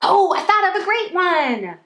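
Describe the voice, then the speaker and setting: A woman's voice: very high-pitched, big pitch swings, a little slow, bright, forceful tone, roomy sound. A woman teaching a phonics lesson to young children, cheerful and encouraging, stretching out sounds as she goes. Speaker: kindergarten teacher.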